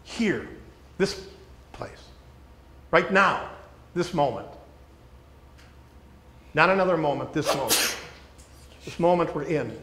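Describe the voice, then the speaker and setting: A man teaching a small group how to read scripture closely, speaking deliberately and repeating key words for emphasis while asking the room questions. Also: fairly high pitch, lively intonation, fairly bright tone, a little hiss or hum. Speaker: teacher leading a workshop for pastors. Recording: echoey room with faint ambience.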